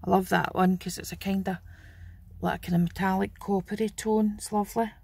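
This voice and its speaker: A woman's voice: mid-range voice, fairly even intonation, fairly quick, gravelly, a little mellow, husky, no echo. A Scottish woman chatting homely and casually as she shows off her craft haul. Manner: chatty and homely, fond of 'wee'. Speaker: craft channel host. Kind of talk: casual show-and-tell haul video.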